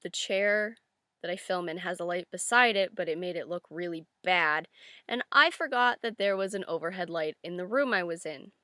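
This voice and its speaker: A woman's voice: on the low side, normal speed, sharp tone, no echo, studio quality. A woman talking to camera in a casual reaction vlog, candid and rambling, swearing freely. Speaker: YouTube reactor.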